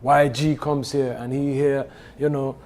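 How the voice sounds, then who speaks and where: Man with a dark, mellow voice. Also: medium pitch, measured pace. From Belize. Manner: animated, with many fillers and restarts. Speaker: music event organizer. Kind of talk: casual studio conversation.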